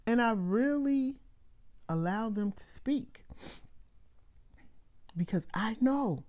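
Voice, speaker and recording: A middle-aged woman hosting a live motivational talk, speaking emphatically with drawn-out phrases and reading viewer comments aloud. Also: a little high, lively intonation, a little mellow. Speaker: host.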